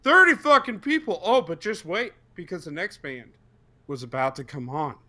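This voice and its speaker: A young man telling a profane, excitable story on a casual podcast, bursting into shouts for the quoted parts. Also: high-pitched, normal speed. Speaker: podcast co-host.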